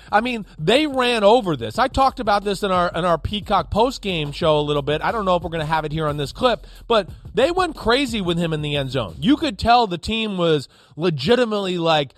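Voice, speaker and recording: A man with a high, bright-pitched voice breaks down football on a studio talk show, emphatic and animated as he drives each point home. His voice sits close and dry, with no room sound around it. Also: a little fast, hardly any pauses, dry recording. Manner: emphatic, animated, acts out players' reactions. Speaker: football analyst.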